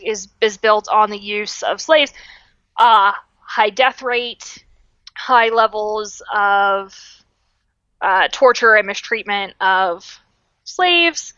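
A woman's voice: mid-range voice, clean tone, no room sound, lo-fi sound. A young adult woman co-hosting a podcast, explaining history in casual talk with frequent fillers and restarts. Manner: lively, self-correcting, frequent fillers and restarts. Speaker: podcast co-host.

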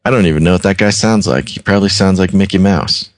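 A man co-hosting a talk show in casual comedic chat, joking and animated. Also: low-pitched, fast, no room sound, studio quality. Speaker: podcast co-host.

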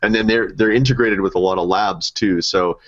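Low-voiced man hosting a podcast. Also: steady tone, moderate pace. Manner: upbeat, chatty, with fillers. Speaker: podcast host. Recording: dull lo-fi audio.

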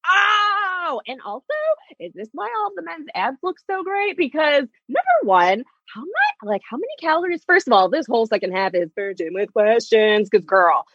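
A woman chatting casually about a TV series, laughing often and acting out lines in playful voices. Her pitch swings widely and her voice has a slight huskiness. The recording sounds dry and somewhat dull. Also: normal speed, husky, dry recording. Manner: animated, laughs often, acts out quotes in voices. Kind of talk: casual chat reviewing a TV series.

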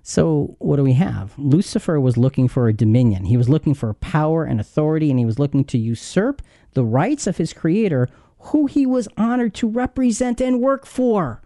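A man's voice: fairly high pitch, animated, normal speed, dark tone, no room sound, clean studio sound. A man in his fifties hosting a Bible teaching show, telling a painful story in a heartfelt, earnest way. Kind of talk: earnest devotional talk.

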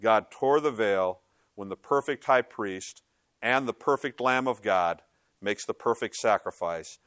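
A man's voice: fairly low pitch, a little slow, fairly bright tone, dry recording, studio quality. A male pastor preaching a sermon in a conversational, emphatic way, with frequent rhetorical questions.

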